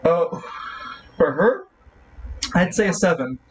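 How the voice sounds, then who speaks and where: A man's voice: sits high, big pitch swings, slow pace, a little hiss or hum, poor audio. A man running a tabletop game as game master, narrating with many fillers and restarts.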